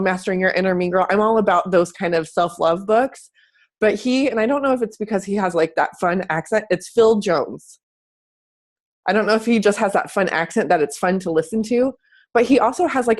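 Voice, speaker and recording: Chatty woman fitness coach. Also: mid-range voice. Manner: chatty, animated, acts out squealing quoted thoughts. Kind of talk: casual coaching talk to camera.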